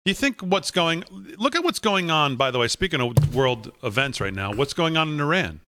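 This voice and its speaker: A man hosting a talk show, firing off sarcastic rhetorical questions in brisk casual commentary. His voice is somewhat high and sharply forceful. The sound is dry and close. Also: sing-song, no room sound.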